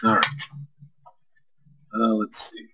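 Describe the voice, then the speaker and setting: A man co-hosting a live stream answers chat in casual talk, loose and rambling, swearing freely. He speaks slowly in a pushed, bright voice, and the recording is low quality.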